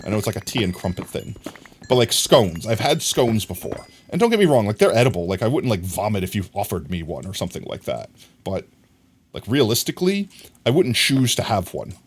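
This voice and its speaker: A man's voice: lowish voice, very animated, fairly quick, slight background noise. An American man livestreaming a game from home, rambling casually and talking to his chat. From United States. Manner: rambling, chatty, talks to chat and reads it aloud. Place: home room with his dog.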